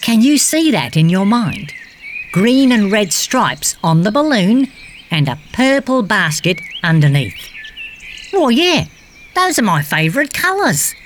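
A woman voicing a cheerful, fact-loving male green tree frog, gently guiding a children's storybook adventure and fond of silly jokes. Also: medium pitch, a little hiss or hum.

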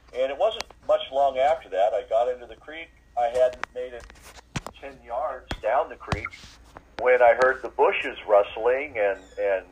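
A man giving a personal faith testimony as an interviewee, talking in a halting way with many fillers and restarts. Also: medium pitch, a little hiss or hum, rough recording.

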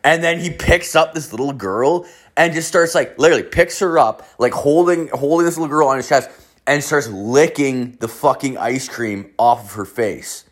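A man in his thirties, medium-pitched and speaking at normal speed, tells a rambling casual anecdote. He swears constantly and fills his profane, meandering story with "like."

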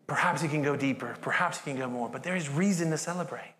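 A British man preaching a sermon in a church, with an animated, jokey and encouraging manner. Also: fairly high pitch, fast, slight background noise. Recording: echoey church hall.

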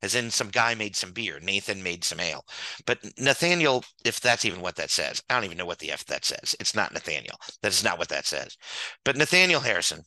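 A man's voice: sits low, very animated, brisk, bright, forceful tone, dry recording, poor audio. A man streaming a comedic angry rant, exasperated and sarcastic, swearing and hammering words through repetition. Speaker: streamer ranting about a baseball sim game.

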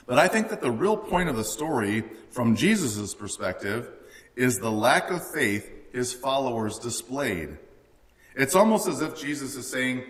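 A man's voice: mid-range voice, lively intonation, normal speed. A man preaching a sermon in an earnest way, lifting his voice when he quotes others. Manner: earnest, rising for quoted lines. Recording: long hall reverb.

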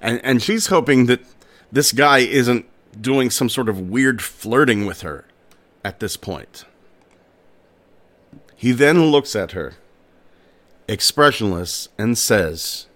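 A man's voice: mid-range voice, animated, takes it slowly, pauses often, fairly bright tone. A man hosting a strange-stories podcast, telling a tale in a casual way with personal asides. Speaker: podcast host. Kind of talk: casual storytelling narration.

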